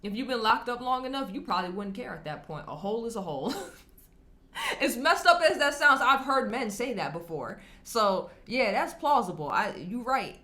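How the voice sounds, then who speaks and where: Bright, chatty woman vlogger. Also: a little high, moderate pace. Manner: chatty and candid, often laughing mid-sentence; animated, acts out quoted people in shifting voices. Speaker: YouTube commentator answering viewer comments. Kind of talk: casual commentary to camera.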